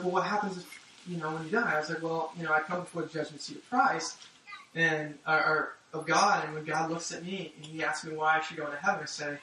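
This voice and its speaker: A man's voice: fairly high pitch, bright, forceful tone, slight background noise. Echoey casual young-sounding preacher man. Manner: conversational, many fillers and restarts. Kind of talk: casual sermon teaching. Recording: echoey room, distant mic.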